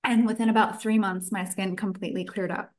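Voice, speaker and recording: A woman's voice: medium pitch, fairly even intonation, brisk, darkish tone. Chatty woman nutritionist telling her story. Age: adult, past college. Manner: chatty storytelling with quoted asides. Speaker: nutritionist guest. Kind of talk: podcast interview.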